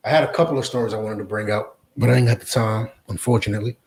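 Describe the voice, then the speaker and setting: A man preaching a confrontational lesson to his group, blunt and forceful, again and again asking whether his listeners understand. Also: fairly low pitch, fairly even intonation, very fast, echoey room, low-quality recording. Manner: blunt, forceful, repetitive questioning. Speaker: Hebrew Israelite teacher.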